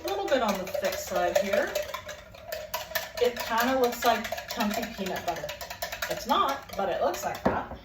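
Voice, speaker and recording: A woman's voice: a little high, sing-song, normal speed, heavy background noise. Chatty woman cooking for viewers. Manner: chatty, talks to viewers while cooking and tasting. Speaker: cooking vlogger. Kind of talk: casual cooking vlog.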